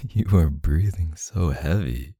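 Male, deep husky murmur, dark tone; intimate audio role-play, close and unhurried. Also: animated, no room sound. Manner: soft, close, murmuring partner voice.

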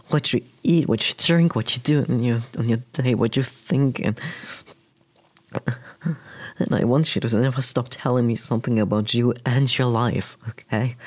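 A man's voice: medium pitch, no room sound. A man in an intimate whispered role-play, speaking hesitantly to the listener and often dropping to a whisper.

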